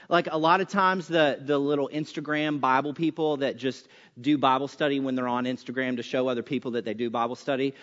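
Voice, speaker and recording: A man's voice: fairly high pitch, fairly bright tone. A man preaching a chapel sermon in a conversational style, firing off punchy rhetorical questions with sarcastic asides. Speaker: chapel speaker. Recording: reverberant hall, dull sound.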